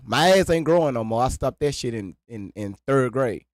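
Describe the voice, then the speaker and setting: A man hosts a live stream in a loose, blunt way, loud and quick to swear. His voice sits in a middle register and sounds dry and close, with no room around it. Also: medium pitch, expressive, dry recording. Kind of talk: casual live stream chat.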